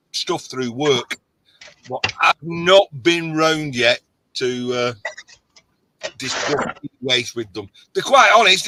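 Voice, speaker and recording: Bright-voiced, jokey man hosting a chat. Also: fairly high pitch, low-quality recording. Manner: rambling, jokey, tipsy. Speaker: host. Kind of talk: casual livestream chat.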